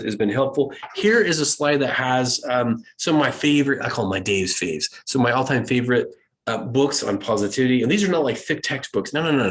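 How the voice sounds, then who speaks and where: A man presenting a motivational talk at a school event, lively and acting out quoted voices. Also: mid-range voice.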